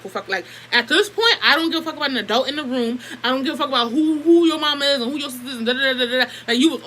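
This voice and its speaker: A young woman vlogger telling a story in a casual, animated and heavily profane way. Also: a little high, a little hiss or hum, poor audio. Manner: profane, animated, emphatic retelling.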